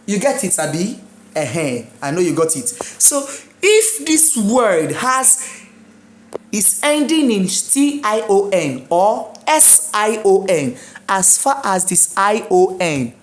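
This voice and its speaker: A woman teaching an exam prep lesson, drilling words slowly, spelling them out letter by letter and checking in with her students. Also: mid-range voice, animated. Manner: checks in with listeners often. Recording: echoey room.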